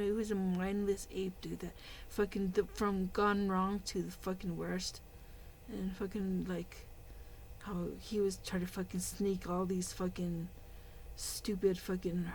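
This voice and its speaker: A woman's voice: mid-range voice, slight background noise, poor audio. Woman on an angry, profane rant. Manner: profane, heated rant full of filler words; loud outbursts between quieter mutters. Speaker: video commentator. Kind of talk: angry ranting commentary.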